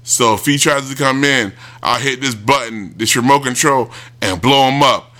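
A man casually retelling a show, rambling with many restarts and mimicking people in high yelps. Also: normal speed, pushed and bright. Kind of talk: casual commentary.

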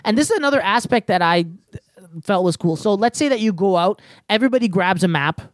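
A man's voice: high-pitched, lively intonation, a little fast, no room sound. A man in a casual gaming chat, explaining things at length with lots of "like" and "you know.".

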